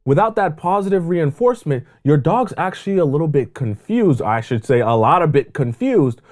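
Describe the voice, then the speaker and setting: A man's voice: on the high side, very animated, normal speed, darkish tone. A man giving dating advice as a coach, emphatic and repetitive in a preachy way. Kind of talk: advice monologue to camera.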